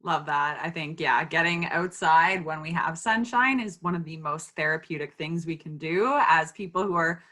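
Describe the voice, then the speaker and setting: A woman's voice: low voice, normal speed, few pauses, sharp tone. A woman hosting a podcast interview, encouraging and upbeat as she moves between her guest's tips. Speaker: podcast host.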